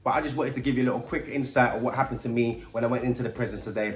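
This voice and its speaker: Animated man with London slang, echoey room. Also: fairly high pitch. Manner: animated street slang, preachy and emphatic. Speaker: youth mentor. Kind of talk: direct-to-camera talk to young people.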